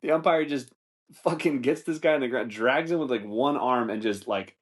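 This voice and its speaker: A man's voice: medium pitch, moderate pace. A man hosting a podcast, telling fight stories in a casual, profane, rambling way with frequent laughter. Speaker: podcast host. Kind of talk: casual comedic commentary.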